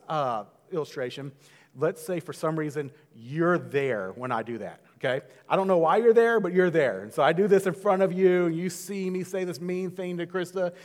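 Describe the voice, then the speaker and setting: A man preaching a sermon in a conversational way, dropping to a hush and then rising loud. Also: high-pitched. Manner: conversational, swings from hushed to loud. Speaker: pastor. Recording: long hall reverb.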